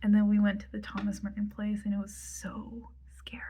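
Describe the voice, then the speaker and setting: A woman's voice: mid-range voice, completely flat delivery, brisk, dark tone, a little hiss or hum. A young woman telling a rambling casual story, full of fillers and dropping into whispered asides while she does her makeup. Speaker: vlogger.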